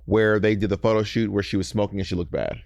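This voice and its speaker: A man with a somewhat low voice co-hosts a casual podcast and talks quickly. He is chatty and keeps correcting himself mid-sentence. The recording is close and dry. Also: fairly even intonation, creaky, no echo. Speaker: podcast co-host. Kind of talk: casual chat.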